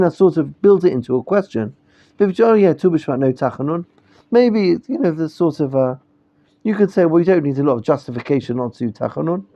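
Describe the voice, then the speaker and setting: Man, rabbi, classroom lecture, higher-pitched, mellow tone, muffled recording. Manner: conversational, checks in with listeners.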